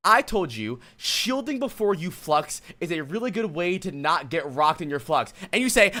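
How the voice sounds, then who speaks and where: A male streamer coaching a player live, with a high, bright voice. He is blunt and exasperated, swears freely, and breaks off to talk to his chat while he lectures. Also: big pitch swings, moderate pace, few pauses. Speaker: streamer coach reviewing gameplay.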